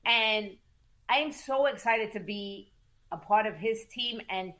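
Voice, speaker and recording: A woman guest in a casual interview, telling music business stories in an animated, emphatic way, repeating words for stress and cursing casually. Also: medium pitch, unhurried. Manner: acts out quoted voices in lively storytelling. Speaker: music manager and entertainment attorney, guest.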